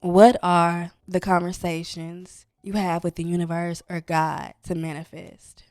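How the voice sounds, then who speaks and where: A woman's voice: fairly low pitch, level tone, measured pace, darkish tone, dry recording, clean studio sound. A woman co-hosting a podcast, talking in a reflective, earnest way. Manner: reflective, earnest, speaks in spiritual terms. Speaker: podcast co-host. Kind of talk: casual chat.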